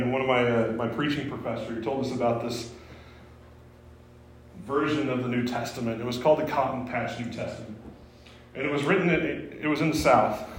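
A man's voice: medium pitch, slight background noise. A man preaching a sermon as pastor, emphatic and prone to restarting his words. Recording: roomy echo.

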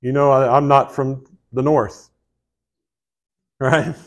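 A man's voice: mid-range voice, level tone, takes it slowly. A man preaching a sermon in a folksy, conversational way, with asides and restarts. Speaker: pastor.

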